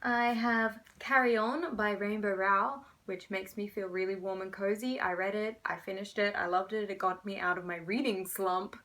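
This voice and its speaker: A young woman vlogging casually about her books, chatty and rambling, gushing with excitement, recorded on a phone camera. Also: medium pitch, moderate pace, hardly any pauses. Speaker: book vlogger. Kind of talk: casual book haul chat.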